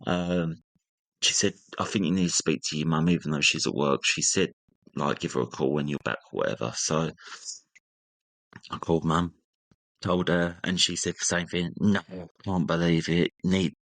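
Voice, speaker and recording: A young male guest casually recounts a personal story in a low voice, animating it by acting out his relatives' lines. He speaks at a moderate pace, and the recording is close and dry with no echo.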